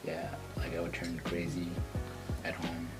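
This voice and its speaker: A man's voice: sits low, completely flat delivery, a little slow, over music. A man talking as a podcast guest in casual chat, laid-back and brief in his replies.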